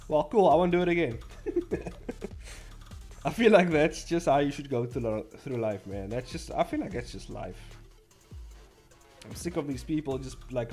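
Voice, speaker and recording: A man's voice: medium pitch, a little mellow. A young man chatting casually on a livestream, rambling and blunt, swearing freely. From South Africa. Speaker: streamer.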